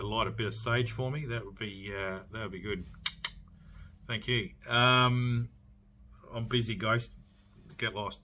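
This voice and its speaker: A man with an Australian accent talks through a horror film review in a loose, rambling way, full of fillers and restarts. His voice is low-pitched but bright and forward, with a faint ambient hiss behind him. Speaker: podcast host reviewing films. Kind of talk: casual solo review.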